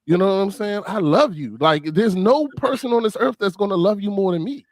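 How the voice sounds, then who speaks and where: A man in a casual group chat about marriage, talking with passion and getting animated. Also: high-pitched, a little fast, dry recording, clean studio sound. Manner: animated, passionate, talks with his hands.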